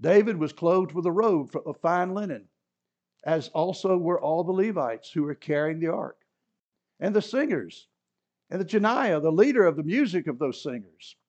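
Male pastor, high and lively, animated with chuckling asides; dull lo-fi sermon recording. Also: normal speed. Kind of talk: sermon with Bible reading.

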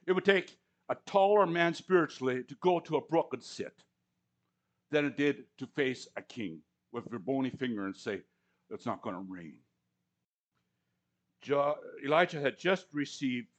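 Animated pastor preaching with acted-out asides. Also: male voice, mid-range voice, moderate pace. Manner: conversational, anecdotal, with stammered restarts and acted-out quotes. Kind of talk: sermon. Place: church service before a congregation.

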